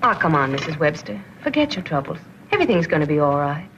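A chirpy, kind friend. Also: female voice, sits low, very animated, quick pace. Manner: chirpy and comforting. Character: chirpy, kind-hearted young woman. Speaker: cheerful companion. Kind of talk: 1930s radio drama acting. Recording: hissy, muffled 1930s radio recording.

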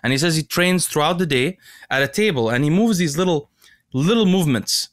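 A man with a slightly high voice hosts a casual conversation. He talks in an excitable way and turns often to address his audience. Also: fairly quick. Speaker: podcast host.

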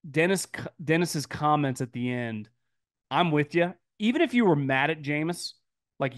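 Podcast host, male, slightly high voice, blunt opinionated mailbag commentary with lots of restarts. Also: no room sound, clean studio sound. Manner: blunt, emphatic, mocking quoted voices in a high pitch; frequent restarts and stammered repeats. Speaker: podcast host answering listener mail.

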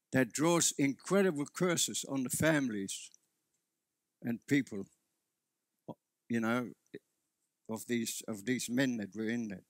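A man's voice: medium pitch, dry recording, clean studio sound. A man preaching a sermon as pastor, earnest and often restarting his sentences. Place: church.

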